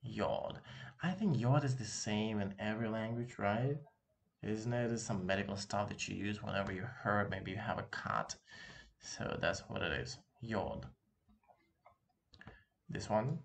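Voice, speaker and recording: This man, a native Russian speaker with a Russian accent, has a voice on the low side with vocal fry, and he speaks a little slowly. During his casual online language lesson, he patiently repeats words for practice while street noise comes through the open window behind him.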